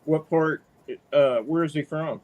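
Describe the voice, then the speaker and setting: A man's voice: a little high, a little slow, darkish tone. A middle-aged man calling in to a podcast, telling stories in a chatty, folksy way and often tagging on "man.". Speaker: caller. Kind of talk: casual storytelling.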